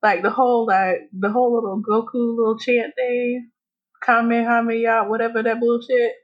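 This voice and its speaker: A woman's voice: a little high, flat delivery, normal speed. A woman co-hosting a podcast in casual chat, blunt and profane, laughing often. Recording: dull lo-fi recording.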